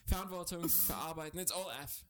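A man's voice: on the high side, a little fast. A man whose first language is German, explaining letter sounds in a casual podcast chat, laughing often and restarting his sentences.

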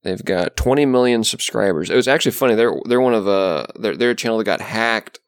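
A man's voice: fairly low pitch, fairly quick, smooth, no room sound, studio quality. A man hosting a casual podcast chat, rambling with fillers and restarts. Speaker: podcast host.

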